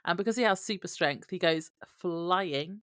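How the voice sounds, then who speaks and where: A woman's voice: on the low side, normal speed, fairly bright tone. A woman co-hosting a podcast, summarizing episode events from her notes with wry asides. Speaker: podcast co-host. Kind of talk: casual podcast chat.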